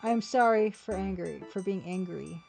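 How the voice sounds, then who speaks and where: A woman reading aloud the lines of a proud, stiff young male ninja, with formal, halting speech. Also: medium pitch, gravelly, a little mellow, soft background music, pitched below the performer's own voice, lightly acted. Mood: stern.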